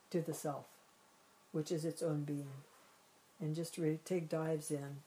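Low-voiced woman gently teaching meditation. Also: poor audio. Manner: gentle, reflective, repeats and rephrases while searching for words. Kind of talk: spiritual teaching talk.

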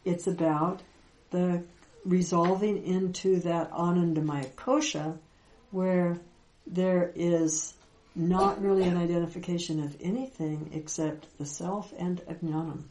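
A woman giving a reflective spiritual teaching talk, gentle and unhurried, with soft laughs and pauses. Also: on the low side, fairly even intonation, roomy sound, low-quality recording. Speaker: Vedanta teacher.

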